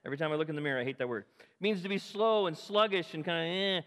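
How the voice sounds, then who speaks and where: A man preaching a sermon as pastor, impassioned, climbing to emphatic peaks and falling to quiet asides. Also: on the high side, expressive, fast talker, long reverb tail. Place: church sanctuary.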